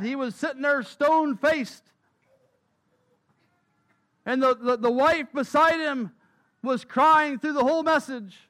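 A man's voice: very high voice, a bit bright. A man preaching a sermon, telling stories emphatically and repeating key phrases. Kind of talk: sermon storytelling.

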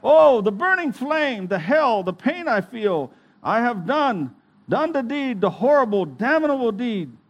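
A man voicing a dying man who raves in despair and torment, crying out loudly in anguish. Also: very high-pitched, very animated, measured pace, muffled recording, heavily acted.

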